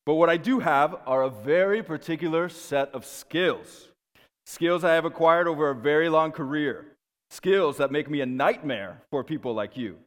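A man's voice: a little high, long reverb tail, natural voice. A man doing a cold, menacing father on the phone. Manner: slow, measured, deliberate threats. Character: menacing middle-aged father issuing calm phone threats.

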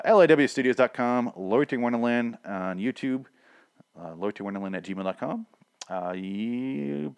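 A man hosting a casual solo podcast, rambling excitedly with stammering restarts and swearing freely as his voice starts to go hoarse. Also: mid-range voice, no echo, studio quality. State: voice going hoarse. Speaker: podcast host.

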